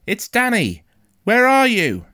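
A man voicing a frightened young boy who calls out high and pleading for his father. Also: sing-song, moderate pace, exaggerated voice. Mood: pleading, shouting.

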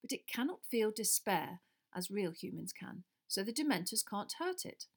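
A woman reading an audiobook, voicing a calm, kindly male wizard teacher who explains in a measured, patient way. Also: medium pitch. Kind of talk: audiobook character voice.

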